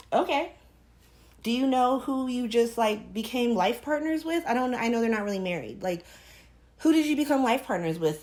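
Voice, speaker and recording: A woman's voice: on the high side, low-quality recording. A woman hosting a casual soap opera recap from home, talking in a sassy, exasperated way full of rhetorical questions.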